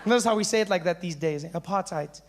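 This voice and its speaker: This is stand-up comedy from a South African man whose high-pitched voice races along as he spins animated stories full of punchy asides. Background noise is audible.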